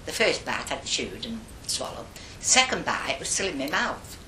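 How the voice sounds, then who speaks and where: An elderly woman recalls her schooldays in a lively, chatty way. Her voice sits low yet leaps around with a bright, crisp edge, and the room gives it a noticeable echo. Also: normal speed, slight background noise. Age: older. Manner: lively, chatty, animated retelling. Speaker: interviewee. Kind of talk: oral history storytelling. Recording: echoey room.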